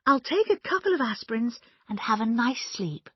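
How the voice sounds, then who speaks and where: A woman's voice: on the high side, sing-song, normal speed, husky, no room sound, muffled recording, pitched above the performer's own voice. A woman doing a gushing, fussy old lady. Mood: weary. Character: fussy elderly woman, excitable, easily upset.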